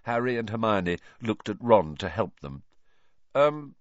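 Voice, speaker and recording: A male audiobook narrator with a lowish voice, reading in a measured, storytelling way and moving his pitch about a lot. The sound is dull and dry, close up with no room around it. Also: animated, dry recording. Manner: measured storytelling, voicing each character. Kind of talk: scripted narration.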